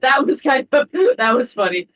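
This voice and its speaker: A woman's voice: high voice, lively intonation, normal speed, a bit bright. A woman playing a tabletop game, teasing the others in an amused way. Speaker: player. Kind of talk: casual role-play chat.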